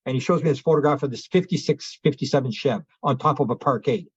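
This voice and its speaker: Guy rattling off a story super fast, kinda husky voice, muffled lo-fi sound. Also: medium pitch, dry recording. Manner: fast, rambling, acts out dialogue with restarts. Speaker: guest, UFO researcher. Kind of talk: animated anecdotal storytelling. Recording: dull lo-fi audio.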